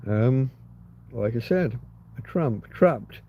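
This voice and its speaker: This English livestream host has a mid-range voice with lively intonation and speaks slowly. He rambles through a live chat, reading comments and working things out aloud in a musing, self-interrupting, easily puzzled way, over slightly dull, lo-fi audio.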